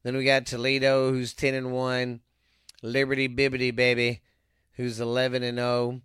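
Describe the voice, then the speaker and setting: Speaking at normal speed in a completely flat, medium-pitched voice that's smooth and a bit bright, a man hosts a casual sports picks podcast. He rambles, swears freely and reads off scores, all in clean studio sound with no echo.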